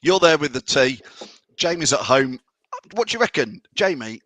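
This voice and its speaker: A man's voice: fairly high pitch, big pitch swings, moderate pace, fairly bright tone, no room sound. A man hosting a fan show, reading out viewer comments and bantering in a chatty way. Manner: chatty, banter-filled, laughs often. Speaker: fan channel show host.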